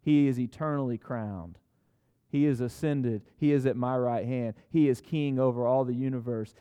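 Impassioned preacher in a big hall. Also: male voice, fairly high pitch, clear, resonant tone. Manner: conversational storytelling that swells to loud impassioned scripture reading. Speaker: pastor. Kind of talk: sermon.

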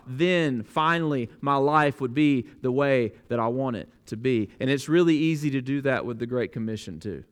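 A man's voice: medium pitch, normal speed, hardly any pauses, clear, resonant tone. A man preaching a sermon as pastor, earnest and emphatic, often repeating a word as he restarts a thought.

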